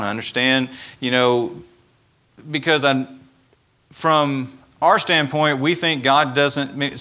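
A man preaching a sermon in a conversational, animated way, acting out quoted asides. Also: mid-range voice. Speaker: pastor.

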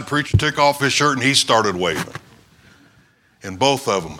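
Bright-voiced man preaching a story. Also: mid-range voice, moderate pace, pauses often. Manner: storytelling sermon, shouting quoted cries. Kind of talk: sermon illustration.

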